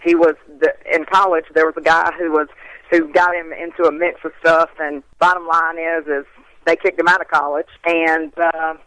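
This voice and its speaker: A woman, a guest in a casual interview, telling stories in a folksy, animated way. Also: deep voice, normal speed, no echo, low-quality recording. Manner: animated storyteller, folksy, laughs often.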